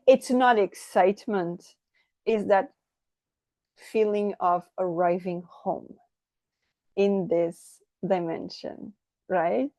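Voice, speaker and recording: A woman giving a channeled tarot reading, effusive and excitable, tripping over her words and asking "right?" again and again. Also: mid-range voice, takes it slowly, no echo, lo-fi sound. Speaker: tarot reader.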